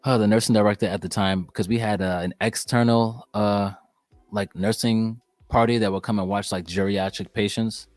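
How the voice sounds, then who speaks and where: A young man as a podcast guest, chatting casually and telling animated, profane stories. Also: fairly low pitch, moderate pace, no echo, soft background music. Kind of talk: casual chat.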